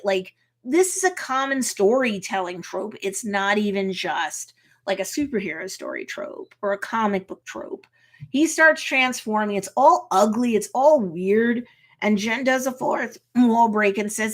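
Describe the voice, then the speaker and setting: This chatty woman, an attorney, reacts to a TV episode and walks through its scenes, frequently adding "right?" or "like" to her remarks. She has a mid-range voice, lively intonation, and a measured pace.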